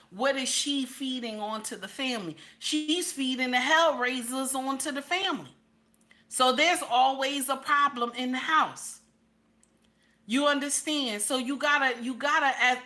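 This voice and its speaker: A woman's voice: a little high, bright, forceful tone. A middle-aged woman giving preachy relationship advice to women viewers, emphatic and repetitive, speaking straight to her listeners.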